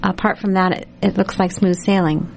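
A woman hosting a radio show in a studio, introducing segments in a friendly, clear way. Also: on the low side, fairly even intonation, brisk, darkish tone. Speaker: radio host.

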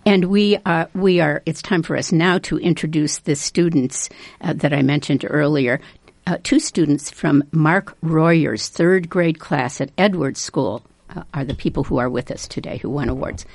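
Gravelly low-voiced woman hosting a radio show. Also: a little mellow, no echo. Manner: halting, self-deprecating, chuckles often. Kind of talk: unscripted studio talk introducing guests.

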